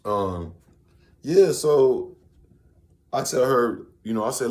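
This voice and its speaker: A man's voice: on the low side, lively intonation, normal speed. A man from Virginia telling a story casually to camera, loose and rambling, often saying "you know what I'm saying". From Virginia, USA. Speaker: vlogger. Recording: echoey room.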